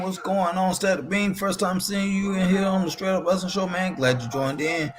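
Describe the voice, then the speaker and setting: A man's voice: high voice, fairly even intonation, normal speed, few pauses. A man hosting a live stream, giving slangy, laugh-filled casual commentary and reading chat aloud.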